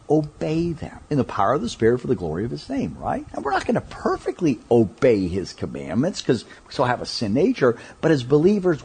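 A man preaching a sermon, emphatic and deliberate, often asking rhetorical questions. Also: on the high side, a little mellow, breathy edge.

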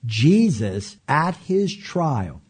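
A man, a pastor, teaching the Bible as an animated storyteller who swings from loud emphasis to hushed near-whispers. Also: a little high, very slow, husky.

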